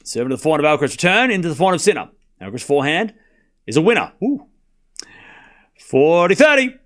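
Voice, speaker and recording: High-voiced man calling tennis live. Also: big pitch swings, a bit bright. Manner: chatty, banters with viewers, quick score calls. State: up late at night. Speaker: livestream tennis commentator. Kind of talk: casual play-by-play commentary and chat replies.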